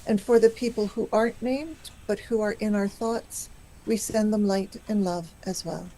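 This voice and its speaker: A woman reading out names for a prayer of light and love at a service, in a measured, gentle way. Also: medium pitch, a little hiss or hum, rough recording. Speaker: reader of the prayer list.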